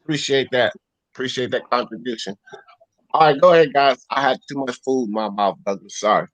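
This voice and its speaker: A man hosting a casual boxing call-in live stream, briskly calling on people and thanking viewers. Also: mid-range voice, no echo, low-quality recording. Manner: brisk, calls on people, acknowledges donations. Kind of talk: casual call-in talk show.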